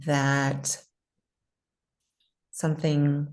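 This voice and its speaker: A woman teaching pronunciation in an online class, patiently modeling words slowly and repeating them. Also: sits low, a little mellow.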